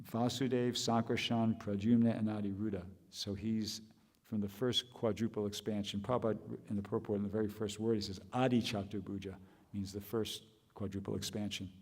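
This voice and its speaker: A man's voice: fairly low pitch, little pitch movement, moderate pace, big-room sound. A man giving a scripture class, thinking aloud with restarts and rhetorical questions.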